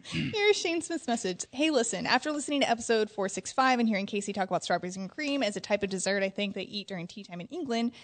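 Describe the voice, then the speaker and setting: A woman's voice: mid-range voice, lively intonation, fast talker. A woman co-hosting a podcast, reading out a listener's email with fillers and laughs. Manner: giggly, reads aloud with frequent fillers. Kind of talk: casual chat.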